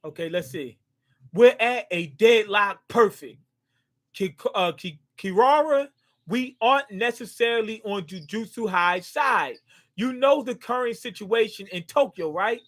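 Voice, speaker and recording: A man hosting a live manga reaction, reading panels aloud with excited outbursts and stumbling over names. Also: sits high.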